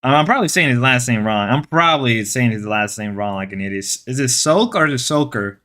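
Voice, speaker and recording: This man's medium-pitched voice is expressive, a little fast, pushed and bright. Streaming live and reading chat, he rambles casually with sarcastic, mock-macho humor, repeating and restarting his lines.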